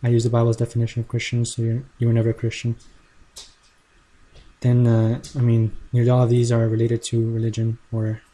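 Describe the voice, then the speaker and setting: A man's voice: medium pitch, completely flat delivery, brisk, dark tone. A man making a rebuttal video, arguing in a combative and mocking manner. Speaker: video creator responding to a critic.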